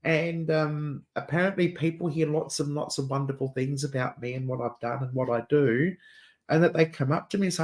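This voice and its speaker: With a slightly high voice and a brisk delivery, this Adelaide-accented channel host keeps his casual livestream chat flowing. He's camp, laughs a lot, and calls everyone "dear."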